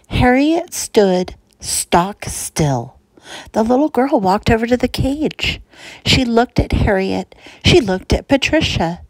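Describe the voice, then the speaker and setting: A woman reading a children's storybook aloud with slow, expressive narration. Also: fairly high pitch, no echo, poor audio.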